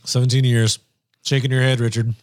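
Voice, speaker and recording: A man co-hosting a podcast, wisecracking and playful, throwing in quick jokes. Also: flat delivery, darkish tone, a little hiss or hum. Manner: wisecracking, playful, jumps into squeaky joke voices. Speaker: podcast co-host. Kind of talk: casual podcast banter.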